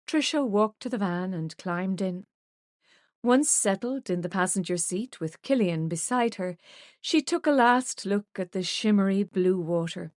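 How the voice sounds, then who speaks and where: In a mid-range voice, a woman narrates an audiobook from a script, keeping a steady, measured storytelling pace. The recording is dry and of studio quality.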